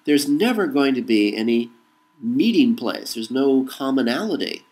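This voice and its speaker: A man from the United States, a political commentator, delivers a rhetorical monologue to camera, repeating a refrain between points. His mid-range voice is very animated and a little mellow at normal speed, on a low-quality recording.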